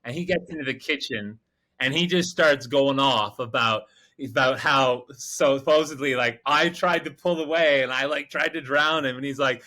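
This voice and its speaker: A man co-hosting a podcast, telling a field story in casual chat, animated and acting out other people's lines. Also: medium pitch, moderate pace. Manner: animated, mimics others with raised voice and swearing. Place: remote field camp in the Amazon.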